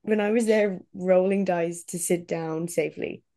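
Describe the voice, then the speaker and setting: A woman's voice: fairly low pitch, fairly even intonation, moderate pace, a loud crowd. A woman player in a tabletop role-play, chatting and firing off questions.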